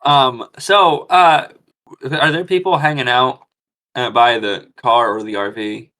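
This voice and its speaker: A man's voice: mid-range voice, steady tone, slow, bright, forceful tone. A man playing a tabletop role-playing game, describing his character's actions in a joking, playful way. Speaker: player.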